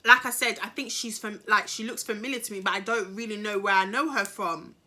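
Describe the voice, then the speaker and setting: A woman's voice: medium pitch, a little fast, pushed and bright. A young woman quoting a nervous, evasive man on a date. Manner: hesitant, repeats himself.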